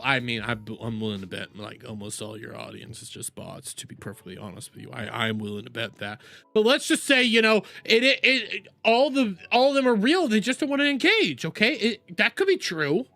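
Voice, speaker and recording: A man hosting a stream, mocking a clip in sarcastic reaction commentary that swings from loud outbursts to low mutters. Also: dry recording.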